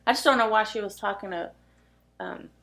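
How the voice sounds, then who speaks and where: A woman's voice: medium pitch, expressive, brisk, a bit bright. A woman co-hosting a true-crime podcast in casual chat, blunt and speculating aloud. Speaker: podcast co-host.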